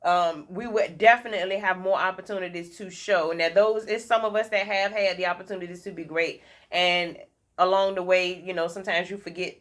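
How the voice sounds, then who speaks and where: A woman's voice: lowish voice, fairly even intonation, brisk, a bit bright. A woman in a casual podcast chat, earnest and building her points step by step.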